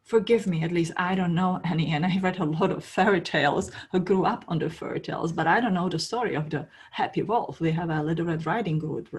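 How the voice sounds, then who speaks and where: Soft-spoken, breathy woman teacher. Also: lowish voice, fairly quick, hardly any pauses, rough recording. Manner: soft-spoken, storytelling, non-native grammar. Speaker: spiritual teacher. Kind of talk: spiritual talk.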